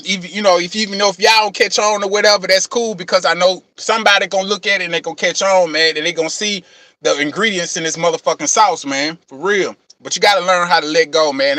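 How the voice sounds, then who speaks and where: High, bright, profane man ranting passionately. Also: dry recording. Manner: profane, emphatic, repeats "man" and "you know what I'm saying"; calls himself passionate, gets things off his chest. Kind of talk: impassioned motivational rant.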